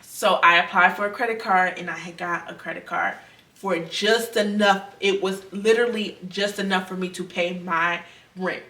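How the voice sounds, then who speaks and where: A woman's voice: on the low side, steady tone, normal speed, pushed and bright. A young woman earnestly sharing a personal faith testimony in a conversational, repetitive way. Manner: earnest, conversational, repeats herself. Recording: roomy sound, mic at a distance.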